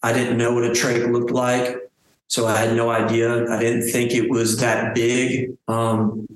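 Man, interview guest, halting delivery, flat steady pitch, strong room echo. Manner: halting, with restarts and trailing phrases. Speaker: guest, coma survivor. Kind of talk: personal storytelling in an interview. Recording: very echoey room.

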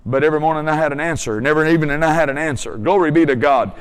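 A man's voice: a little high, racing, clear, resonant tone, in a large hall. A man preaching a testimony sermon with fervent, emphatic storytelling.

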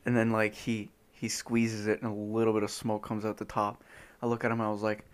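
A man's voice: lowish voice, monotone, a little fast. A young man co-hosting a podcast, telling funny stories in casual chat and laughing often. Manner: laughing storyteller, says dude a lot. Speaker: podcast co-host.

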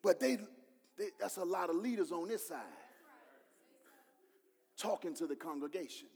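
A man's voice: sits high, animated, normal speed, gravelly, a little mellow, breathy edge, long reverb tail. A man preaching a sermon, building in intensity and voicing other people as he goes. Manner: preaching with rising intensity, acting out voices of others. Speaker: pastor.

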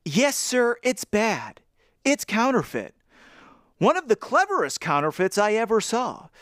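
A man doing a high, wheedling Southern prankster boy. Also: wildly swooping pitch, measured pace, a bit bright, no room sound, studio quality, exaggerated voice. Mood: mock solemn. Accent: put-on American Southern. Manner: exaggerated, wheedling, theatrical. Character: mocking stout teenage boy prankster.

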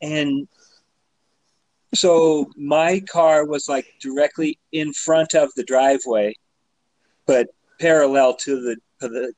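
A man's voice: medium pitch, no echo, rough recording. A man co-hosting a podcast, telling a rambling story full of fillers, swearing and laughter, a little drunk. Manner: rambling, many fillers, laughing, swearing, animated when retelling. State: tipsy. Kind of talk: casual storytelling chat.

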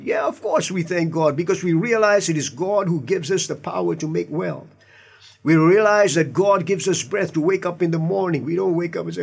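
A man's voice: on the high side, brisk, gravelly. A man, a pastor, preaching an earnest sermon with emphatic asides and repeated words. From Indian heritage.

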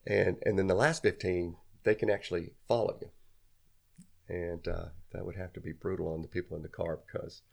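Gravelly low-voiced man telling a story. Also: steady tone, fairly quick. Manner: rambling, self-deprecating, laughs often. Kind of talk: casual storytelling chat.

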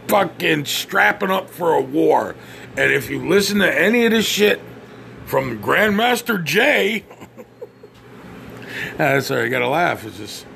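A man's voice: a little high, creaky, fairly bright tone, slight background noise. A blunt, profane man ranting on his podcast, often stammering and restarting. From United States. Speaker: podcast host. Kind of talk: opinionated podcast rant.

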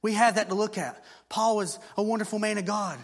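A man preaching a sermon in a church, swinging between loud proclamations of scripture and low, mocking asides. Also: steady tone, fairly quick.

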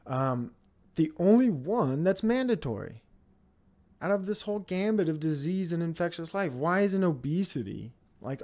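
A man's voice: mid-range voice, darkish tone. A man hosting his own podcast, ranting in a casual, rambling way and swearing often as he gets worked up. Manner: agitated, profane, rambling. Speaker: podcast host. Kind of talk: casual solo podcast rant. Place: home, seated at a computer on a dining chair.

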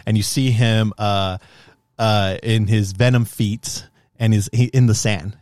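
A young man in casual chat, excitedly retelling a movie scene with lots of fillers and restarts. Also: lowish voice, a little slow, dry recording, studio quality. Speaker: podcast co-host.

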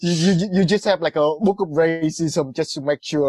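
Comedian from Vietnam, halting, repeats himself, dry close mic. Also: male voice, fairly high pitch, darkish tone, no echo. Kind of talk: casual anecdote chat.

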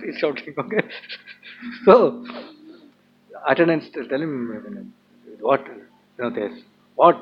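A man's voice: mid-range voice, very animated, slow pace, pauses often, a little hiss or hum. A man retelling an old tale in a chatty, laughing way with many asides. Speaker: storyteller. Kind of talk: casual storytelling talk. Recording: dull lo-fi with faint ambience.

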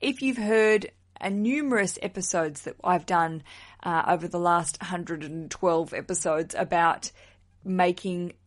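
A woman's voice: on the low side, unhurried. Outspoken woman podcaster. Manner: outspoken, swears freely, laughs often. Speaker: wedding podcast host. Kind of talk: casual solo podcast chat.

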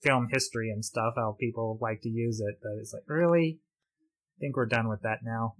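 A man co-hosting a podcast, giving casual film commentary in a rambling, halting way with quick laughs. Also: medium pitch. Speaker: podcast co-host.

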